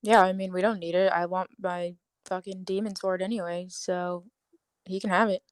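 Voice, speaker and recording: Woman tabletop player, smooth clear voice, blunt, dry sound. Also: on the low side, flat delivery, normal speed, no echo. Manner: casual, swears, trails off. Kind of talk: casual tabletop game chat.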